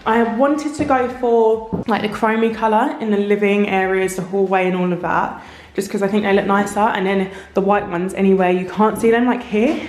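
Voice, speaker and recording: A woman's voice: medium pitch, fairly even intonation, normal speed, hardly any pauses, a little mellow. Chatty woman in an echoey empty house. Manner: chatty, rambling, frank about frustrations. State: croaky from tiredness. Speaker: home renovation vlogger. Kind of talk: casual vlog chat. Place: empty house under renovation. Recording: echoey empty room, faint noise.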